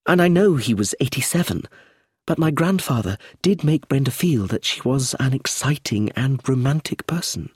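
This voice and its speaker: Picture an audiobook scene: a man puts on a young woman of a rich family, earnest and uneasy, her lines lifted well above his own pitch. The voice stays husky and dry and moves with a lively, rising and falling lilt. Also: normal speed, no echo. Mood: reflective. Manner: earnest, uneasy, quietly intense.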